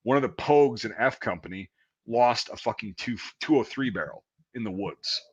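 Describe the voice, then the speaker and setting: A man's voice: mid-range voice, animated, normal speed, breathy edge. A man in his thirties telling profane, rambling army stories in casual chat. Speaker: podcast host. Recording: dull lo-fi audio.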